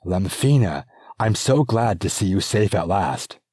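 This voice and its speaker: A man narrating an audiobook voices a weary young princess regent whose speech is subdued and formal, here sounding relieved. His own voice sits low, and he raises his pitch for a full character voice. The delivery is expressive, measured, a bit mellow and slightly rough, captured in a clean, dry studio recording.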